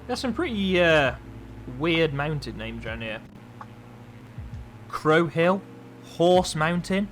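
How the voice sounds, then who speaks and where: A man's voice: on the high side, very animated, slow, pauses often, fairly bright tone, slight background noise. A man, an airline pilot chatting casually as he streams a flight simulator, thinking aloud and poking fun at himself. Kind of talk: casual live-stream commentary.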